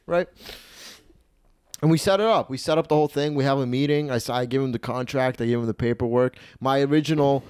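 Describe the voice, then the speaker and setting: A man's voice: medium pitch, fast, a little mellow, clean tone, no echo, clean studio sound. Rambling young man telling a story. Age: 20s. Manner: rambling, profane, acts out quoted voices. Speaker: podcast host. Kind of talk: casual storytelling.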